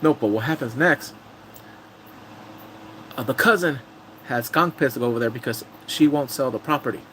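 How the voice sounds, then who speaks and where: A young man casually recapping episodes of a drama, telling it in an animated, blunt way with casual swearing. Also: mid-range voice, moderate pace, slight background noise.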